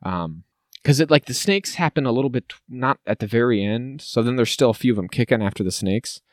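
A man co-hosting a podcast in casual chat, animated and rambling, with frequent swearing. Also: mid-range voice, brisk, dry recording, studio quality. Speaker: podcast co-host.

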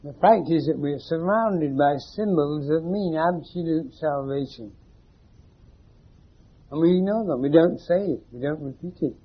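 On a muffled 1980s tape, an Englishman with a fairly high, husky voice speaks at a moderate pace. As a spiritual teacher in a meeting room, he gives a casual talk to a small gathering, teasing them wryly and asking questions.

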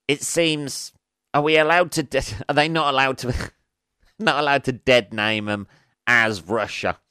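A man's voice: medium pitch, sharp tone, clear, resonant tone, no room sound. A man hosting a podcast, talking in a rambling, sweary monologue with chuckles and lots of fillers, close to the mic. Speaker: podcast host. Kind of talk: casual monologue.

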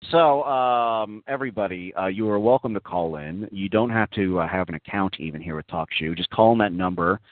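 A man's voice: low voice, fairly quick, hardly any pauses, no echo. A man hosting a casual call-in talk show, mocking and profane, rambling through many fillers, over a dry, tinny phone-line recording.

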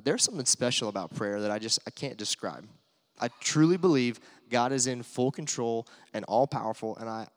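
A man preaching a sermon in a relaxed, conversational way, with many fillers, telling family stories and reading scripture aloud. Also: medium pitch. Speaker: pastor. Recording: long hall reverb.

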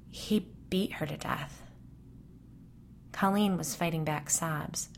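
A woman host calmly narrating a scripted ghost story. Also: low voice, unhurried, slight background noise.

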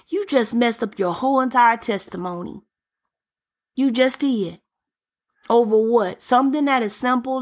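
A woman's voice: on the high side, a bit bright. A woman preaching a sermon in an emphatic, repetitive way, returning to key phrases for emphasis.

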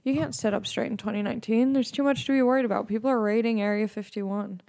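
Mellow-voiced young woman podcaster, rambling. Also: on the high side, fast, gravelly. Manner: rambling, sarcastic, deadpan jokes. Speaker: podcast host. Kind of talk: casual comedic monologue.

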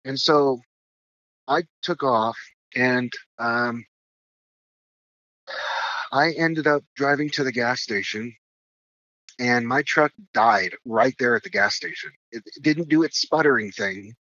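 A man's voice: mid-range voice, takes it slowly, pauses often, bright, forceful tone, dry recording, lo-fi sound. A man recounting a strange experience as a podcast guest, rambling with many fillers and restarts. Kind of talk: casual storytelling.

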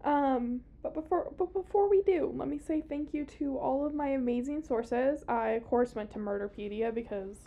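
High-voiced chatty young woman podcaster. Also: normal speed, few pauses, mellow, highs cut off. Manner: chatty, swears, many fillers. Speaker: podcast host. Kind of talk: casual chat. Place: podcast room.

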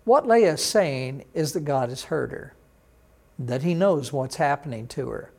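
A man's voice: fairly high pitch, lively intonation, a little slow, creaky, darkish tone, slightly rough. A middle-aged male pastor giving a sermon, explaining Hebrew words and pronunciation in a teaching manner.

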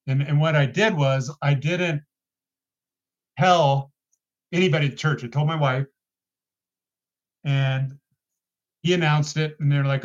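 A man sharing a personal testimony as a podcast guest, talking casually and earnestly with halting restarts. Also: fairly high pitch, fairly even intonation. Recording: dull lo-fi podcast audio.

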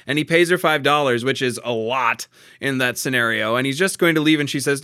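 Man, casual chat, smooth resonant voice, laughs often, restarts sentences. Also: medium pitch, normal speed, pushed and bright, no echo, clean studio sound. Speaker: podcast co-host discussing a play.

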